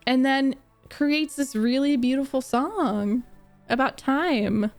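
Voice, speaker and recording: A young woman streams a casual chat with her viewers, her voice sitting a little high as she gushes and laughs between thoughts. She takes her time and lets each remark unfold slowly. Soft music plays faintly underneath. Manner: gushing and animated, laughs often, answers chat comments. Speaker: streamer reacting to a book series.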